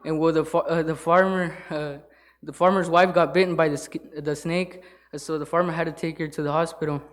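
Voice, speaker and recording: A man speaking from the pulpit in an informal sermon. He halts often, filling gaps with fillers and starting sentences over. His voice sits slightly high for a man. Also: level tone. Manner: halting, with many fillers and restarts. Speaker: lay church speaker. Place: church sanctuary.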